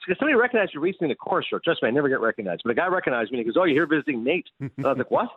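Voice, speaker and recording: A Canadian-born man, a guest sports broadcaster, telling stories in an animated, quick way on a casual sports radio show. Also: a little high, slightly rough, no room sound. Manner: animated storyteller, quick, laughs often. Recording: tinny phone-line remote audio.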